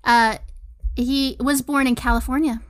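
A woman's voice: high-pitched, steady tone, measured pace. Playful, chatty woman podcast co-host. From Texas. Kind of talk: casual chat.

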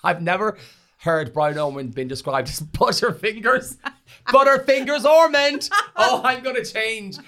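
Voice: mid-range voice, normal speed, bright, forceful tone. A host chatting casually and teasing her guest playfully. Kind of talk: casual chat.

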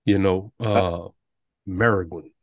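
A man's voice: low-pitched, steady tone, a little slow, no room sound, clean studio sound. A man with a Cajun accent, co-hosting a casual podcast chat in a laid-back, joking, drawling way. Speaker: podcast co-host.

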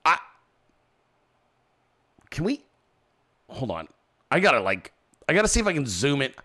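A man tears into debate footage with crude, mocking commentary, his fairly high voice leaping all over the place. The tone is bright and edgy, and he swings from low mutters to loud outbursts. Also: wildly swooping pitch, a little slow. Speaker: political commentary streamer. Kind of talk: profane reaction commentary.

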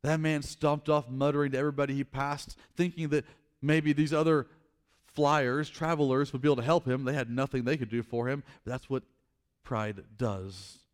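A male pastor tells a story in a sermon and acts out the scenes with rising force. For his main points he drops to a slow, quiet voice. His pitch sits in the middle for a man. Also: steady tone.

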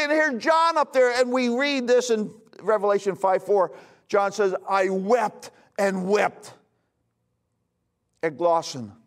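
A male pastor preaching a sermon with emphasis, swinging between loud bursts and hushed lines. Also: very high voice.

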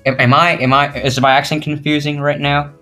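A teenage boy co-hosting a casual podcast, telling a school story in an animated way and mimicking his classmates. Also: a little high, a little fast, faint music behind. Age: teens. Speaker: podcast co-host. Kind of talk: casual chat.

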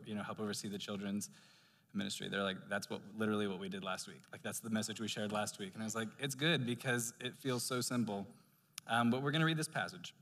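A man preaching a sermon in a church, casual and animated, with strong sibilant s sounds. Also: fairly low pitch, in a large hall. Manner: conversational, animated preaching with asides. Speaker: pastor. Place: church sanctuary.

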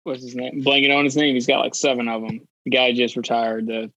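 A man of medium pitch telling a casual story on a podcast. He rambles and stops to search for names. His audio is dull and lo-fi. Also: little pitch movement, fairly quick, a bit bright, no echo. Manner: rambling, loses words. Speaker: podcast co-host.

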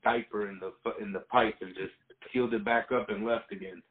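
A man's voice: on the low side, fairly even intonation, brisk, breathy edge. Laid-back guy on a phone line. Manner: laid-back, agreeable, crude jokes. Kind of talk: casual podcast chat.

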